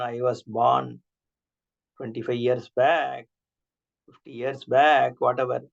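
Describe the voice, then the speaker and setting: Gravelly-voiced man teaching scripture. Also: mid-range voice, a bit bright. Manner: explains with rhetorical questions and everyday examples, chants Sanskrit terms slowly. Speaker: Vedanta teacher. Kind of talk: online scripture class lecture. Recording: dull lo-fi online class audio.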